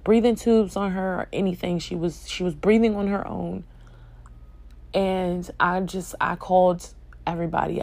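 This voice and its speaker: Slow, gravelly-voiced woman telling a story. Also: fairly low pitch. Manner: soft-spoken, hesitant, with many fillers and restarts. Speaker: vlogger sharing a personal story. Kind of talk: casual personal storytelling.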